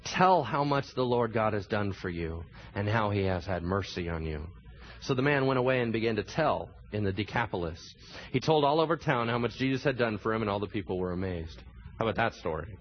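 A man preaching a sermon as a pastor, animated and acting out the voices of people in the story. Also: lowish voice, a little fast, muffled recording, slight background noise.

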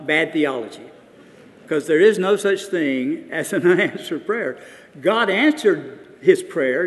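A man's voice: a little high, big-room sound. A man, preaching a sermon and telling stories that build to emphatic peaks. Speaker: pastor.

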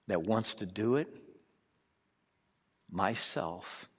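A man preaching a sermon, acting out voices from the story and swinging between hushed, drawn-out lines and loud ones. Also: fairly low pitch, in a large hall.

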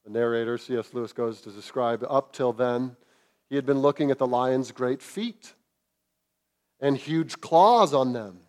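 A man preaching a sermon to his congregation, earnest, rising to loud emphatic peaks and dropping to hushed, tender lines. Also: medium pitch, measured pace. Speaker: pastor. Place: church sanctuary.

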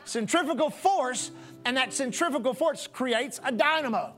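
A man's voice: very high-pitched, lively intonation, moderate pace, fairly bright tone, faint music behind. A man preaching a sermon as pastor, repeating phrases in a rhythmic cadence for emphasis.

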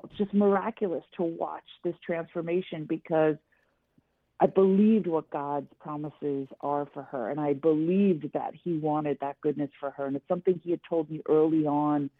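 A middle-aged woman with a fairly low voice, a guest columnist, tells her story earnestly and emphatically during a radio interview. She comes through a tinny, dry phone line.

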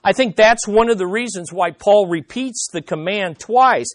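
A pastor delivers a sermon with a mid-pitched voice, recorded dry with almost no room sound. The delivery is conversational yet emphatic, with key lines repeated for stress and questions put straight to the listeners. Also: moderate pace, dry recording.

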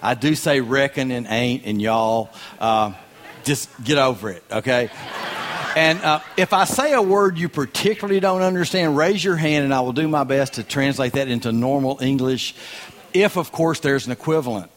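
A man's voice: mid-range voice, moderate pace. A man with a Southern US accent, a guest speaker giving a sermon in a folksy, joking and emphatic way. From American South.

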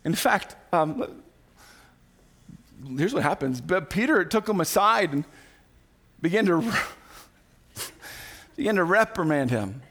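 A male pastor preaching a sermon, animated and conversational, acting out quoted voices with quick asides. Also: high-pitched. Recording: recorded sermon audio.

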